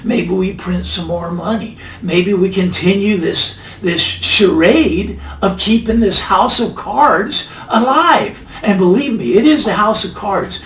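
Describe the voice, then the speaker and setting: A man's voice: high voice, unhurried, few pauses, fairly bright tone, a little hiss or hum. A middle-aged man hosting a finance channel, talking casually and emphatically, repeating key phrases for effect. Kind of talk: casual monologue commentary. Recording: roomy, mic a bit distant, faint ambience.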